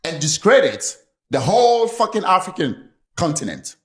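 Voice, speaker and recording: A man's voice: high voice, big pitch swings, moderate pace. A man, a former footballer, speaking angrily and emphatically as a guest in a studio discussion. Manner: angry, emphatic, repetitive.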